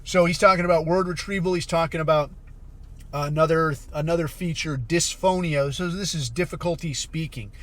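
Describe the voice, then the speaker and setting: A man's voice: fairly high pitch, moderate pace. Blunt, foul-mouthed man ranting. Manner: profane, blunt, sarcastic. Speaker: podcast host. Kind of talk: casual commentary rant.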